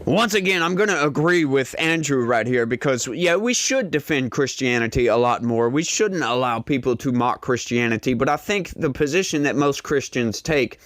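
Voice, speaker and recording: A man's voice: mid-range voice, normal speed, hardly any pauses, no echo. A man sharing his take on a panel in a loose, easygoing ramble. His voice sits dry and close with no room sound. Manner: casual, rambling, relaxed. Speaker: panel guest. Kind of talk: casual debate remark.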